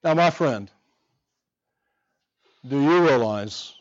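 Casting: a man preaching a sermon, pitched a bit high, earnest and conversational, dull lo-fi recording. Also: measured pace. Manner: animated, conversational preaching with quiet earnest stretches. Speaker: pastor.

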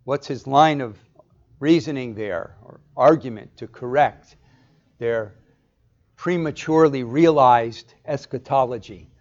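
A man's voice: medium pitch, a little slow, a little mellow, lo-fi sound. A male pastor delivering an expository sermon, explaining step by step and putting rhetorical questions to the congregation.

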